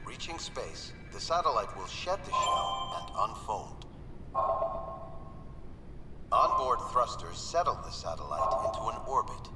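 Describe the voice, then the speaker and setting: An actor voicing a measured male narrator of an instructional film in a game, heard from afar with an echoey sound and loud music. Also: medium pitch, very animated, recorded from a distance. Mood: explanatory. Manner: measured, explanatory.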